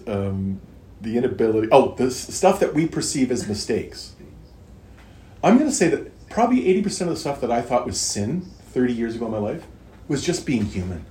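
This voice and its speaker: A man's voice: medium pitch, warm tone. Earnest rambling man in an echoey room. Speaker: podcast co-host. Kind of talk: casual faith conversation. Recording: echoey room, faint ambience.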